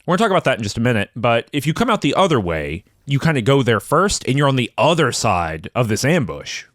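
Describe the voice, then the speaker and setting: A man's voice: medium pitch, fast, dry recording. Playful man recounting a game, dry sound. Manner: playful, animated storytelling. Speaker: podcast co-host. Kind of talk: casual gaming chat.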